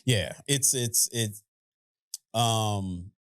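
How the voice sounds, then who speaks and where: A man's voice: fairly low pitch, extremely slow, fairly bright tone, dry recording, studio quality. A man co-hosting a podcast in casual chat, laid-back, mostly giving short agreeing replies. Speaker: podcast co-host.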